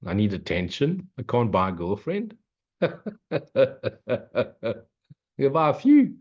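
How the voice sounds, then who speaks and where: A man with a medium-pitched, breathy voice speaks slowly, his pitch swooping wildly, while giving a casual spiritual Q&A talk. The spiritual teacher is blunt, swears often, and cracks jokes between points; the recording is muffled and lo-fi.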